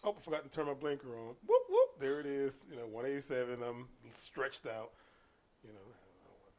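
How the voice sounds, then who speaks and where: A man, a martial arts coach, telling stories in a casual podcast chat, animated and quick to laugh, often restarting his sentences. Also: mid-range voice. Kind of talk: casual conversational storytelling.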